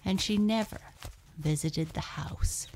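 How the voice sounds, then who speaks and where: A woman reading a children's storybook aloud, slow and expressive, dropping into soft breathy asides. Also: on the low side, slight background noise.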